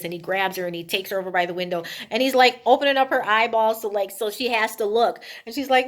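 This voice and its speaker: A woman's voice: medium pitch, quick pace, hardly any pauses. Rambling woman retelling a movie plot. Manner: rambling, emphatic, addresses listeners with asides. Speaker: movie reviewer. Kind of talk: casual plot retelling to camera.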